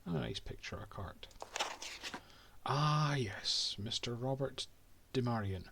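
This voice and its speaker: A man's voice: mid-range voice, unhurried, vocal fry, noisy background. A Scottish man voicing a haughty male cartographer and reading his old-fashioned diary aloud from a game.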